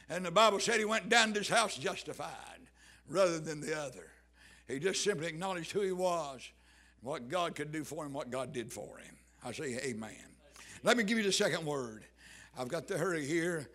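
A man preaching a sermon, fervent and dramatic, swinging from shouted proclamations down to hushed, near-whispered lines. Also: high voice, moderate pace.

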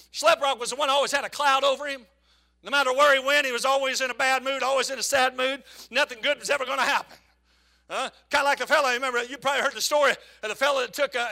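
A male preacher giving an animated sermon, with shouted bursts and folksy storytelling asides. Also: very high-pitched, gravelly.

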